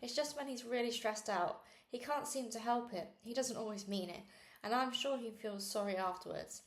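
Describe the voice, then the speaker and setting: Woman reading aloud as a gentle mother, anxious, coaxing, soothing, storybook, echoey room. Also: fairly high pitch, normal speed, natural voice. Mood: gently pleading. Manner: soothing, coaxing, forced cheer. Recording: roomy echo.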